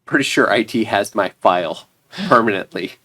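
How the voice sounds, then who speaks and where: A man's voice: on the low side, moderate pace, noisy background. A man playing a tabletop game with friends, wry and bantering. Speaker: player. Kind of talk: casual tabletop play.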